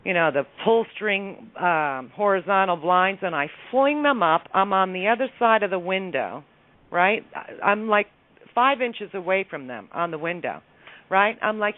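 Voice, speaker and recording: Animated woman telling a story over a phone line. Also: medium pitch, a little slow, no echo. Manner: animated, acts out the dialogue of her story. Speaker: caller. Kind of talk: casual storytelling on a call-in radio show.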